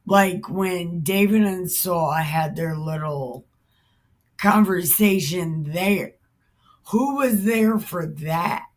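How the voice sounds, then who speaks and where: Irreverent slow-talking woman reading scripture. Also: fairly low pitch. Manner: chatty, irreverent, profane, slangy asides. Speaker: Bible commentary host. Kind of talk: casual Bible reading and commentary.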